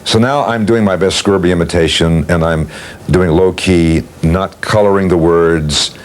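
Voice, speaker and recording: Very deep-voiced older man telling stories. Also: normal speed. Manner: leisurely anecdotal telling, acts out quotes. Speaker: interviewee recalling work as a voice actor. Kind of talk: storytelling interview.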